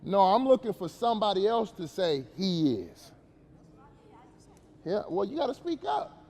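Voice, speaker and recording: High-voiced man in an echoey gym. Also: very animated, a little slow, creaky, dark tone. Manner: casual slangy preaching, asks the kids questions. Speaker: basketball camp speaker. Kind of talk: motivational talk to young players.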